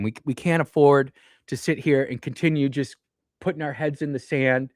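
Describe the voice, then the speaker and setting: A man's voice: mid-range voice, darkish tone, no room sound. A man hosting a talk radio show from a studio, speaking with passion and often repeating himself or restarting sentences. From Mississippi.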